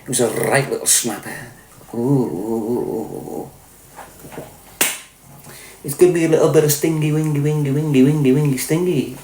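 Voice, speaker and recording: A man's voice: on the high side, moderate pace, long pauses, dark tone, a little hiss or hum. A man with a Scouse accent hosting a podcast, ranting in crude, joking, mock-aggressive banter. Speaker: podcast host. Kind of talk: casual livestream rant. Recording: roomy echo.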